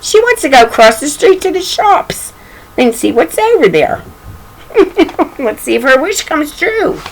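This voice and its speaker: Older woman, storybook reader, lively sing-song voice, unhurried, affectionate, points out pictures. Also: high voice, a little hiss or hum, rough recording. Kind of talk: reading a picture book aloud to children.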